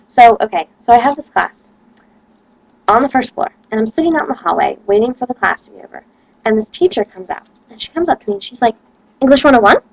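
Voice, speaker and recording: A woman's voice: on the high side, lively intonation, fast, creaky, no echo, poor audio. A young woman, a college student, rambling casually to camera and complaining with lots of "like". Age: young adult.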